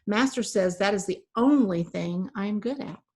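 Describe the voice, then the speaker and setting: A woman's voice: mid-range voice, normal speed, a little mellow, close to an everyday voice. A woman reading aloud, voicing an eager, simple-minded male stray dog who talks in short, earnest sentences.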